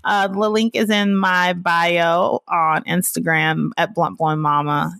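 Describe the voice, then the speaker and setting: A woman's voice: fairly low pitch, fairly even intonation, unhurried, gravelly, a bit bright, dry recording, studio quality. A woman hosting her own podcast, chatting casually in a rambling, giggly, laid-back way, sniffling now and then. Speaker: podcast host. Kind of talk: casual chat.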